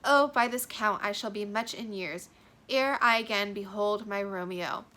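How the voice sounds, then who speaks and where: A lovesick young girl speaks in heightened, emphatic verse, read aloud by a woman. Her voice is bright and ringing, and she stresses each word with feeling. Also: medium pitch, unhurried. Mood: anguished. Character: young lovesick girl, Juliet, anguished and passionate. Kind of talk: dramatic reading of a play.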